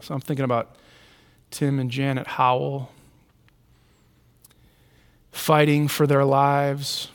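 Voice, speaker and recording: A man preaching a sermon as pastor, earnest, often dropping his voice very low and soft for tender lines. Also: little pitch movement, slow pace, long pauses, clear, resonant tone, big-room sound.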